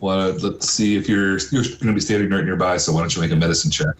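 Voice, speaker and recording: Brief: low-voiced game master, loose and rambling, roomy echo, faint music. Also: male voice, far from the mic. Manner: casual, halting narration with many fillers. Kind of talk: narrating a tabletop game.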